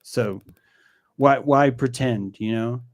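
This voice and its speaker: A man's voice: mid-range voice, slow pace. A man as a guest, talking in a profane, ranting way in an opinionated conversation.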